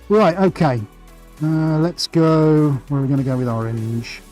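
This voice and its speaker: A man's voice: fairly high pitch, a little slow, a little mellow, soft background music, low-quality recording. A man hosting a live painting stream, chatting energetically and greeting viewers by name. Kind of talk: casual live-stream chat while painting.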